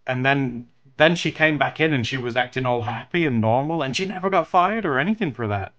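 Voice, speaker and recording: A man's voice: medium pitch, expressive, a little fast, a bit bright, dull audio. A man streaming while he draws, chatting casually with viewers, thanking them and telling stories with plenty of laughter. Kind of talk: casual chat while drawing.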